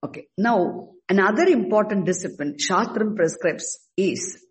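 High-voiced man teaching scripture, halting. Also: expressive, low-quality recording. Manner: halting, restarts words, slow emphatic stresses. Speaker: Vedanta teacher. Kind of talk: spoken scripture class.

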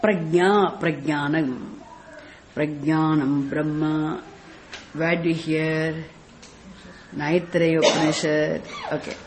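A woman's voice: low-pitched, fairly even intonation, slow pace, pauses often, a little hiss or hum. A woman from South India with a South Indian accent, giving a scriptural lecture as a spiritual teacher and quizzing her listeners with rhetorical questions about Sanskrit terms. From Tamil Nadu, India.

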